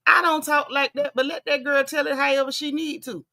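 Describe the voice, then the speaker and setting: A woman hosting a reaction video, talking straight to her viewers in a sassy, animated way. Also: sits high, brisk, gravelly. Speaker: host reacting to clips. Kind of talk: casual reaction commentary.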